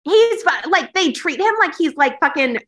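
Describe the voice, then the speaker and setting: A woman's voice: sits high, big pitch swings, moderate pace, fairly bright tone. A woman guesting on a podcast, teasing the host in casual chat, sarcastic and swearing freely.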